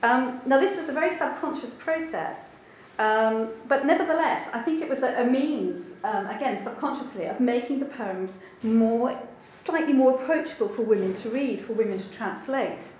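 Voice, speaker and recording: A woman's voice: a little high, normal speed, few pauses, a little mellow. Woman lecturing in a very echoey room. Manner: thoughtful, hedging with frequent ums. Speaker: translator giving a seminar talk. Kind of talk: academic lecture. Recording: very echoey room with faint background hiss.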